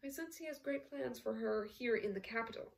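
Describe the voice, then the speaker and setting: A woman reading the lines of a poised, disarming actress with gentle teasing charm. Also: a little high, brisk, creaky, distant mic. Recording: voice set back from the mic.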